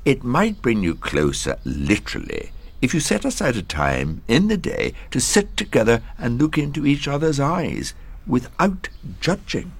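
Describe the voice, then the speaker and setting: A man in his sixties playing a dry, deadpan counsellor who also chats softly to his dog. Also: medium pitch, a little slow, creaky, slightly rough. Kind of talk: scripted comedy dialogue.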